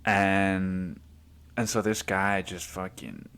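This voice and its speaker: A man with a fairly low voice tells a story on his podcast in a loose, rambling monologue. He swears freely and drops "dude" into almost every phrase. Now and then he jumps into quick put-on voices for the people in the story. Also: fairly even intonation, fairly bright tone, clean tone. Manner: acts out other people's lines in quick voices. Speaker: podcast host.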